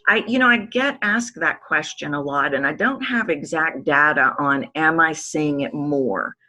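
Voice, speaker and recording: A woman vocal coach talking as a podcast guest, animated and emphatic, acting out the voices she describes. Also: deep voice, measured pace, slight background noise. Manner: animated, acts out voices to demonstrate; emphatic, drops volume to make a point. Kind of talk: podcast interview.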